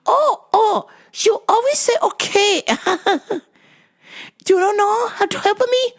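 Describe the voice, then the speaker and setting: A woman voicing a fussy little old mother, a demanding customer who whines in high, halting broken English. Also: full character voice. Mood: whiny complaint. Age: older.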